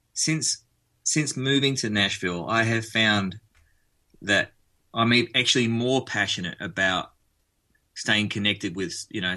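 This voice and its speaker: An Australian man talks as a guest on a radio interview, rambling along with plenty of restarts. His voice sits fairly low but comes across bright and forceful. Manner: chatty and rambling, with frequent restarts. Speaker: musician guest. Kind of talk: casual radio interview chat.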